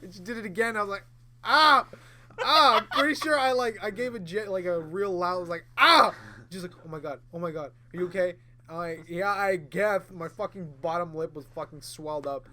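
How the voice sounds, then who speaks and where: High-pitched, fast and a bit bright, this man co-hosts a podcast and rambles through a long casual story with friends. He swears freely, plays both sides of the dialogue himself, and laughs in the middle of sentences.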